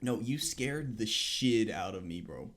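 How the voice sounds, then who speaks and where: A man's voice: on the low side, measured pace. A young man co-hosting a casual podcast with a friend, telling stories with lots of laughter. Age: young adult. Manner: laughing, animated storytelling with mimicked voices. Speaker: podcast co-host. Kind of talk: casual chat. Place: apartment room.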